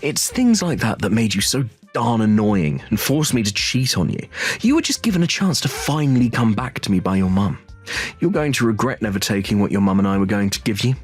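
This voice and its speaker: A smug, mocking ex-husband, voiced by a man in a story drama. His voice is fairly low, and he talks with a sneering, self-satisfied tone. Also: sing-song, brisk, breathy edge, faint music behind, full character voice. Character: smug, cheating young ex-husband and CEO.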